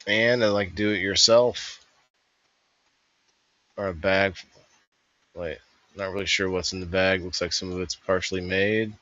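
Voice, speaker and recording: A man's voice: sits low, steady tone, measured pace, long pauses, bright, forceful tone, no echo, highs cut off. A man hosting a casual review, thinking aloud in a rambling voice-over. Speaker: host reviewing a vendor fair.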